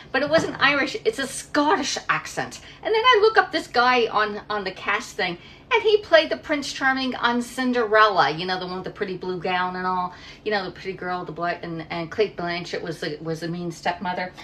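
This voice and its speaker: A middle-aged Pennsylvania woman hosts a cooking livestream from her home kitchen, chatting casually, rambling, and reading viewer comments aloud. Her voice is medium in pitch, bright and forceful, with a faint hiss or hum underneath.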